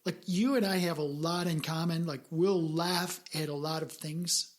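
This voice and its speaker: A woman co-hosting a casual podcast, talking in an earnest, reflective way as she works through her ideas out loud. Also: sits low, normal speed. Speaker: podcast co-host.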